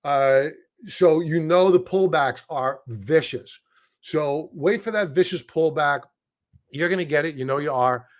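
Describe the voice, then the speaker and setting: A man's voice: a little high, a little slow. A man with a Brooklyn accent giving casual, chatty stock market commentary, joking at his own expense. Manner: chatty, self-deprecating, wordy restarts. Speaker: market analyst.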